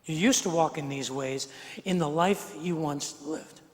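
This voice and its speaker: A middle-aged man preaching a sermon as pastor, talking in a conversational way that swings from quiet to emphatic and repeats words as he goes. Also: on the high side, a little slow. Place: large church sanctuary. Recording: long hall reverb from the sanctuary.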